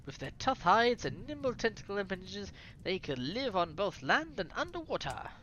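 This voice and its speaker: A streamer voicing a scholarly lecturer from a visual novel in a slow, measured way. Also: medium pitch, sing-song, fairly bright tone, lo-fi sound, a little hiss or hum, voice pushed up. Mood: lecturing. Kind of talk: reading a visual novel aloud.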